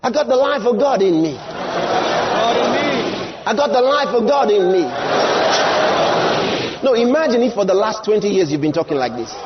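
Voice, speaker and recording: A man preaching a sermon in an emphatic style, repeating his lines and rising to shouts. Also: high-pitched, very animated, moderate pace, pauses often, lo-fi sound, crowd noise, noisy background.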